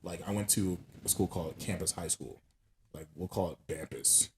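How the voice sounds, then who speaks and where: Deep-voiced young man, animated chat. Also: moderate pace, a little hiss or hum. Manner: animated storyteller, laughs often. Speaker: podcast co-host. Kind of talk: casual chat.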